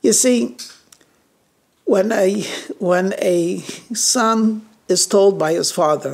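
A man's voice: high-pitched, takes it slowly, creaky. A man, a rabbi, telling a weekly story in a conversational way, with many fillers, acting out the characters he quotes. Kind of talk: storytelling sermon.

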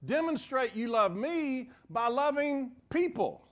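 A male pastor preaching a sermon in a church, telling a story in a lively way with frequent repeated words. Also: very high-pitched, slow pace. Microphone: mic for preaching.

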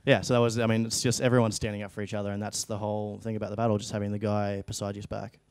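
A man's voice: fairly low pitch, flat delivery, racing, darkish tone, clear, resonant tone, dry recording. A young Australian man, an actor, telling stories in a rambling, casual way in an interview studio. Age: young adult. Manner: rambling storytelling, frequent fillers. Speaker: actor guest.

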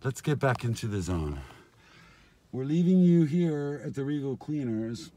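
A man rambling in a casual vlog, outdoors at a food stand, his voice swinging between loud and muttered. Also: mid-range voice, sing-song, measured pace. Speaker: vlogger. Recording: noisy street ambience.

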